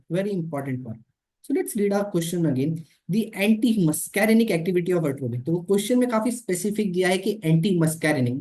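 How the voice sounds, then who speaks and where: A woman's voice: fairly low pitch, dark tone. A woman with an Indian accent teaching an exam-prep lecture, switching between English and Hindi and repeating key points. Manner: repeats key points, explains while drawing structures.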